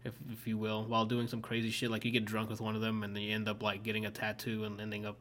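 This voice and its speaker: A man's voice: lowish voice, monotone, quick pace, fairly bright tone. A man streaming, chatting casually and rambling through a story, filling his talk with "like" and swearing often. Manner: rambling, swears a lot, many fillers. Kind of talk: casual chat.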